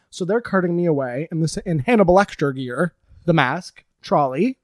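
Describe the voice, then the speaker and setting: A woman guest on a comedy podcast, telling an absurd improvised story with playful, theatrical deadpan. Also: low voice, normal speed, dry recording.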